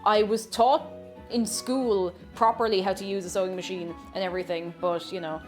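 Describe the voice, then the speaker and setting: A woman's voice: medium pitch, fairly even intonation, normal speed, soft background music. A woman chatting casually and playfully while baking on a live stream, rambling and chuckling as she goes.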